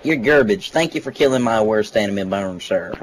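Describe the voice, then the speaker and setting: A man's voice: fairly low pitch, brisk, low-quality recording. Profane trash-talking male gamer. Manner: profane, mocking, excitable. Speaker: gamer in party chat. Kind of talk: crude trash talk while playing.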